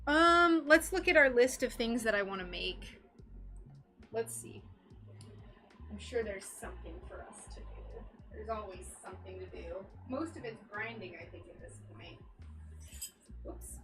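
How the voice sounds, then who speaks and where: A woman's voice: medium pitch, huge pitch swings, measured pace, pauses often, music in the background. A woman chatting casually and giggling as she works on stained glass during a live stream, reading out messages from her viewers. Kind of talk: casual live-stream chat while crafting.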